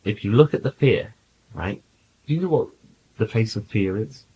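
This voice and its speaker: A man in a channeling session, speaking in a calm, patient, coaching way and telling anecdotes to a small group. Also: fairly low pitch, normal speed, breathy edge, poor audio. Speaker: channeler giving spiritual counsel. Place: small room with a group present.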